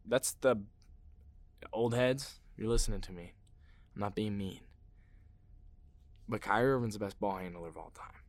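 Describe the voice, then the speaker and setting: A man's voice: fairly low pitch, no echo. A young man hosting a casual sports podcast, rambling through his opinions with lots of fillers and restarts and getting worked up when he rants. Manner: gets worked up and loud when ranting. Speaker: podcast host.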